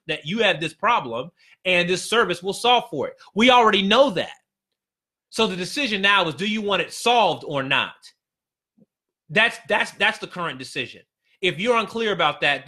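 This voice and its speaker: Speaking emphatically on a live stream, this male business consultant coaches business owners in a high-pitched, sharp-toned voice. He keeps repeating key phrases and restarts himself many times.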